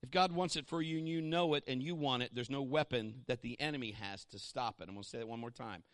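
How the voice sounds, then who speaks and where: A middle-aged man preaching an impassioned sermon, pausing to have the congregation repeat lines after him. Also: mid-range voice, a bit bright, no echo, studio quality. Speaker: pastor.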